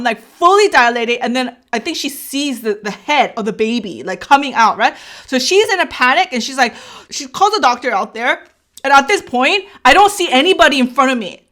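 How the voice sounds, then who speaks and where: Woman, high-pitched voice, vlog storytelling, animated, acts out voices. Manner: animated storytelling, acting out her own shouts and others' lines. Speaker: vlogger. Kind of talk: storytime while eating.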